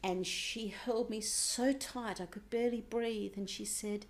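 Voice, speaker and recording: A woman recounting a painful childhood memory in an interview, intense and sometimes dropping to a hushed whisper. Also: mid-range voice, steady tone, unhurried, few pauses. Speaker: interview guest. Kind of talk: personal storytelling.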